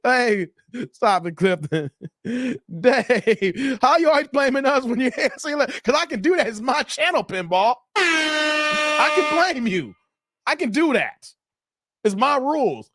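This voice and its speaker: A man's voice: very high voice, lively intonation, unhurried, fairly bright tone. A man hosting a live stream, laughing and bantering with his chat.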